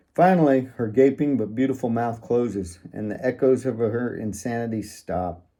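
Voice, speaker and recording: A man's voice: medium pitch, dark tone. A man reading first-person fiction aloud in a wry, sardonic manner. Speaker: audiobook narrator.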